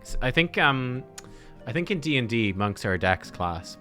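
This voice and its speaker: A man's voice: mid-range voice, very animated, moderate pace, sharp tone, soft background music. Man rambling through game commentary. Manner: rambling, self-deprecating, thinking aloud. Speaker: gaming video creator. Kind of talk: casual let's-play commentary.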